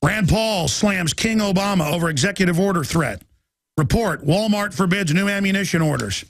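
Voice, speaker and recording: Man, talk radio monologue, high voice, urgent and agitated, dry close sound. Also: no echo. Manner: urgent, agitated, rising to shouts; reads headlines aloud rapidly. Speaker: radio host.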